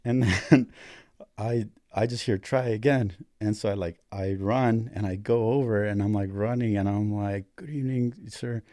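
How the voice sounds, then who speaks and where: A man's voice: fairly low pitch, steady tone, normal speed, dry recording, clean studio sound. A man in his thirties, a paramedic and Marine veteran, telling stories in casual, profane chat. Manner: profane, laid-back storytelling that grows loud and laughing.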